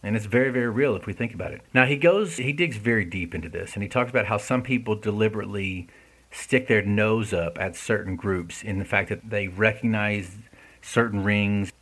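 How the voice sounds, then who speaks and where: A man's voice: fairly low pitch, fairly bright tone, breathy edge. A man speaking in an earnest, conversational way, often checking in with his listeners. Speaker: speaker discussing an essay. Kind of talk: casual reflective talk.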